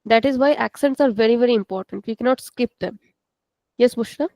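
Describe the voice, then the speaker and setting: A woman's voice: on the high side, mellow, dry recording, poor audio. Patient woman teaching an online class. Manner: slow, patient, repeats words for students. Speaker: Portuguese language teacher. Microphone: video call.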